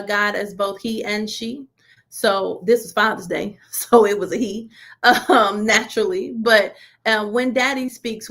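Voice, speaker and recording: Woman preaching in a heavily gravelly voice. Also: medium pitch. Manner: informal, poses many rhetorical questions to listeners; colloquial, relaxed grammar. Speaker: church leader leading a teaching session. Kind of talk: conversational sermon.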